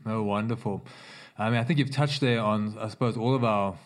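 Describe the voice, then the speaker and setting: A low-voiced man interviews his guest. He asks measured, slightly hesitant questions.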